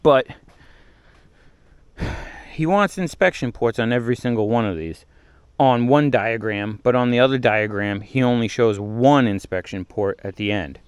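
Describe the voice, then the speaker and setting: Tradesman host, casual rambling explainer, smooth clear voice, close dry sound outdoors. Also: mid-range voice, normal speed, no room sound. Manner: chatty, rambling, explains as he goes. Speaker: septic installer. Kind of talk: casual on-site vlog narration. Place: outdoors at a hillside job site.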